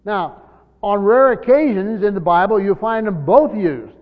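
Speaking a little slowly, a high-pitched male pastor gives an earnest, insistent verse-by-verse sermon, repeating phrases, stressing key words and voicing imagined speakers. The dull lo-fi recording has his voice ringing through a church hall with a long reverb tail.

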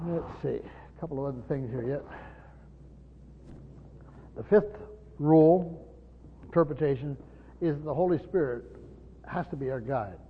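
A pastor teaching a congregation in a church, speaking emphatically and firing off rhetorical questions. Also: male voice, fairly high pitch, measured pace, pauses often, slight background noise. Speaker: pastor teaching Bible study. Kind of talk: teaching sermon. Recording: dull lo-fi recording with long hall reverb.

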